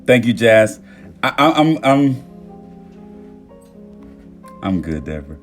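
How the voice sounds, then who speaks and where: A man hosting a casual live stream from home on his phone, reading comments aloud and talking warmly about love and manifesting, with excited bursts and stumbling restarts. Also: medium pitch, slow. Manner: warm, affirming, talks about love and manifesting. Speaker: TikTok live host. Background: soft music playing.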